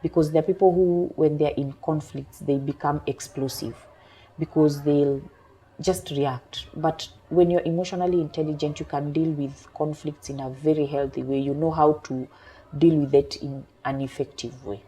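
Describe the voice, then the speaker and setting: A woman sits as a coach on a talk show, her voice low and mellow, with a husky grain. She explains at a measured, calm pace and talks through everyday examples. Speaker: emotional intelligence coach.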